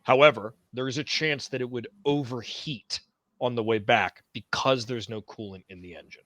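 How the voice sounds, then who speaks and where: Game master guy laying out what happens, bright voice, dry close sound. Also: medium pitch, moderate pace, no echo. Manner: explanatory. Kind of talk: running a tabletop game.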